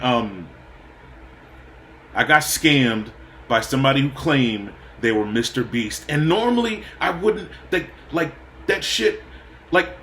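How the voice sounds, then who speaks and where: A man's voice: on the high side, fairly bright tone. A man vlogging to camera, venting angrily and swearing as he tells his story in rambling bursts with many restarts. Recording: echoey room with faint ambient noise.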